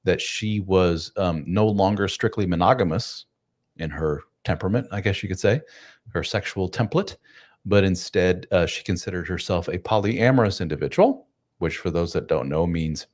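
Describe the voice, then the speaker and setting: Man, very low voice, casual live stream host, rambling and self-deprecating, talking from home. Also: normal speed. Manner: loose, chatty, self-deprecating, addresses viewers directly. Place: home room.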